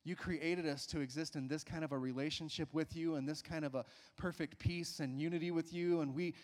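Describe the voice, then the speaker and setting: A man's voice: on the high side, fairly even intonation, brisk, big-room sound. A male pastor preaching a sermon with emphatic call-outs to the congregation.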